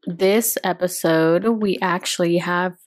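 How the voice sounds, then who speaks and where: A woman's voice: lowish voice, fairly even intonation, takes it slowly. Giggly woman podcast co-host. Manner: giggly, chatty. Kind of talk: casual podcast chat.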